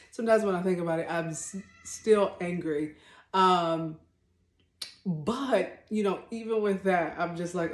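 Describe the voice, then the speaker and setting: A woman's voice: fairly low pitch, a little slow. A woman teaching about faith on her vlog, talking off the cuff in an emphatic, blunt way, often repeating herself and restarting her sentences. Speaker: faith vlogger. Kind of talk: spontaneous spiritual teaching. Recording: roomy echo.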